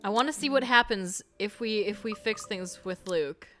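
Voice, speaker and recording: A young woman streaming a game and chatting casually, excitable and swearing freely. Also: mid-range voice, normal speed, faint music behind.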